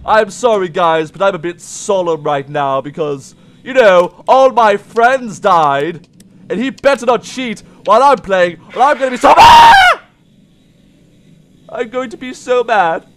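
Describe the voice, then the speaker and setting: A shrill, frantic puppet. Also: male voice, animated, moderate pace, slight background noise. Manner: shrieking and yelling, then sudden mumbles. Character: shrill frantic male puppet, jumpy and easily rattled. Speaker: let's play commentator. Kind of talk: in-character game commentary.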